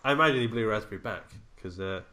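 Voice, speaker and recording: A man's voice: lowish voice, fast talker, bright, forceful tone. A man co-hosting a podcast, chatting casually and rambling about a film, laughing often. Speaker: podcast co-host.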